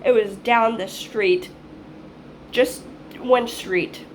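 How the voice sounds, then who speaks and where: A woman in her twenties talks straight to her viewers in a loose, rambling storytime. Her voice sits a little high, she swears freely and slips into acting out her own past lines. A faint hiss of background noise runs under the recording. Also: very slow. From Hawaii. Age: 20s. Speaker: vlogger. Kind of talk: casual storytime monologue.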